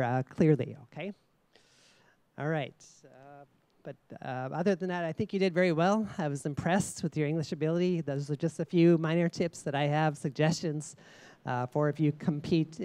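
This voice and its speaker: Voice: medium pitch, dark tone, clean tone, dry recording. A contest judge speaking from a stage microphone in a very large room, giving spoken feedback to student contestants. The judge talks in a teacherly way, posing questions to the audience and checking in with frequent "okay?".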